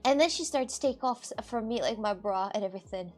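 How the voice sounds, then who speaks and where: High-voiced woman, chatty and laughing. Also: quick pace, soft background music. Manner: animated, laughing, bursts of shrieks while retelling. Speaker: vlogger. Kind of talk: casual storytelling to camera.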